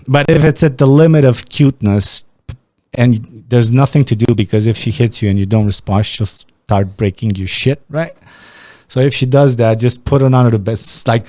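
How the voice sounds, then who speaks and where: A man's voice: lowish voice, dark tone, no echo, clean studio sound. Blunt, profane man. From Romania. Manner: profane, rambling, blunt storytelling. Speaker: podcast host. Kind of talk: casual podcast chat. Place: small podcast studio.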